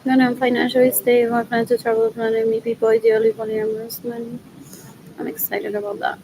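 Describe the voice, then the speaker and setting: A woman's voice: fairly high pitch, flat delivery, a little fast, background noise. A middle-aged woman rambling to herself in a solo monologue, repeating phrases as she muses. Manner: repetitive, muttering to herself. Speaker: vlogger.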